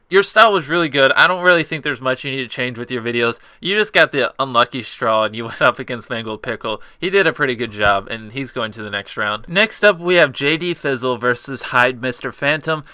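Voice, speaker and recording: A man's voice: medium pitch, sharp tone, clean tone, no room sound. A young man hosting a contest, casually judging entries in a rambling, upbeat way with lots of fillers. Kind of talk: casual spoken critique.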